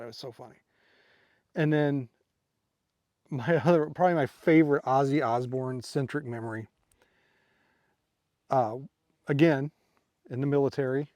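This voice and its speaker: A middle-aged man vlogging from a campsite, telling rambling stories full of fillers in an easygoing voice. His voice sits at an ordinary middle pitch. The sound is dry and close, with no room echo. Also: a little slow, pauses often, a little mellow. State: tired from a sleepless night. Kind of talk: casual vlog storytelling. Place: outdoor campsite by water.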